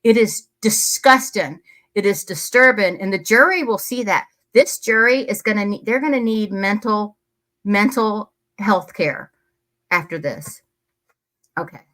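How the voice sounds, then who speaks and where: A woman's voice: mid-range voice, measured pace, a bit bright. Blunt angry woman commenting on crime. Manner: angry, blunt, swearing, talks to viewers. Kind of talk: casual commentary reading emails. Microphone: desk microphone close by.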